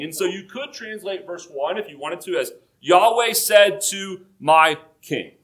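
A male pastor preaching an expository sermon, slowing down to stress key points, with touches of dry humor. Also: a little high, fairly bright tone.

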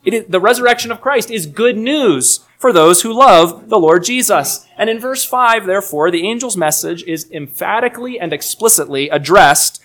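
A man delivers a sermon with earnest emphasis. His voice sits a little high, and his delivery shifts between quiet, low passages and raised, stressed lines. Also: animated, normal speed, few pauses. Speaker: preacher. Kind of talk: expository sermon.

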